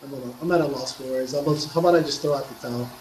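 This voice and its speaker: A man's voice: mid-range voice, very fast, darkish tone. A man answering stream questions for a game company, careful and hedging, with fillers. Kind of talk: casual Q&A answers. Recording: roomy sound with faint background hiss.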